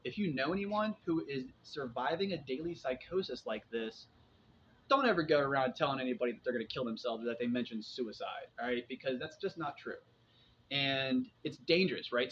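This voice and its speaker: A man's voice: medium pitch, a bit bright. A man in his forties talking in a casual, rambling monologue to his viewers, often restarting his sentences and dropping in fillers. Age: 40s. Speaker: vlogger sharing personal experience. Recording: dull lo-fi sound with faint background noise.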